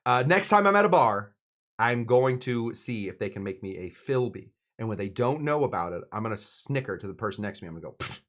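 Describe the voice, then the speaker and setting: A man's voice: lowish voice, very animated, fairly quick, a bit bright. A man hosting a live cocktail show in a casual, rambling way, full of fillers and restarts, poking fun at himself. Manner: rambling, self-mocking, with frequent fillers and restarts. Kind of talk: casual live-stream chat.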